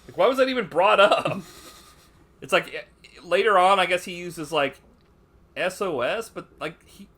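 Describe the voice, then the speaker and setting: On a podcast, a male co-host reviews a film through casual banter, swearing a lot and mocking the characters with impressions. His high voice is expressive and a bit bright, at a normal speed with frequent pauses.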